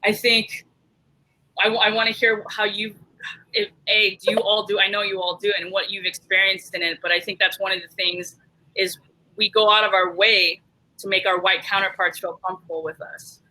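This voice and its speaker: A panel host moderating a video-call discussion, speaking haltingly with many restarts and laughing along. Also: medium pitch, little pitch movement, sharp tone, poor audio.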